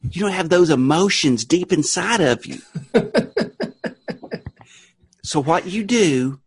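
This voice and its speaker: A man voicing a pompous alien tailor as a Southern televangelist, slow, preachy and husky, with a Southern US accent. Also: fairly high pitch, animated, full character voice. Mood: preachy, drawling. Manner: drawling, preachy, testifying. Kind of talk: podcast comic impression.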